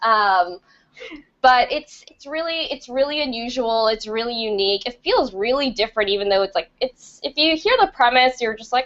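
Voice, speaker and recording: A woman's voice: on the high side, lively intonation, normal speed, a bit bright. A woman co-hosting a film podcast, talking in a gushing, enthusiastic way in casual chat. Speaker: podcast co-host, film critic. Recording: slightly muffled lo-fi podcast audio.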